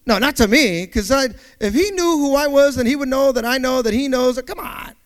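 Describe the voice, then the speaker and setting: A man's voice: extremely high pitch, brisk. A man preaching a sermon and telling a personal story, speaking directly to his congregation with dramatic delivery and playful sound effects.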